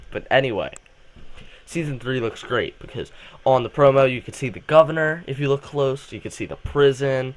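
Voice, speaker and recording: A young man talks eagerly in a loose, rambling fan vlog, stumbling over restarts and piling on filler words. His voice sits at an ordinary middle pitch. He is coming down with a cold. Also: a little fast. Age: student. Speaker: channel host. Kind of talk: casual fan vlog commentary.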